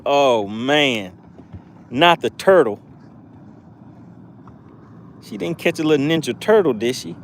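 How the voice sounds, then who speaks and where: A man hosting a live fishing stream from a boat outdoors, excitably narrating his catch and reading chat aloud. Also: medium pitch, slow, long pauses, slight background noise. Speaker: fishing livestream host.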